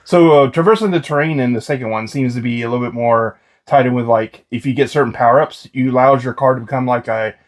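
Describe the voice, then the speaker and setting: A man co-hosts a relaxed video game discussion in a mid-range voice. He walks through gameplay details at length, with frequent "like" and "uh". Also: medium pitch, fast talker, few pauses. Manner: explains details with fillers. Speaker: co-host.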